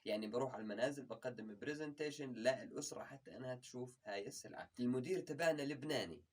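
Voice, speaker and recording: Rapid husky man. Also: medium pitch, darkish tone. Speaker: stand-up comedy contestant. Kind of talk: stand-up comedy storytelling. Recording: distant mic.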